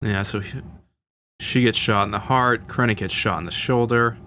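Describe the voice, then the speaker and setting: A man's voice: on the low side, moderate pace, pushed and bright, slight background noise. A man hosting a casual film commentary, talking like an enthusiastic fan with frequent fillers and restarts. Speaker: channel host.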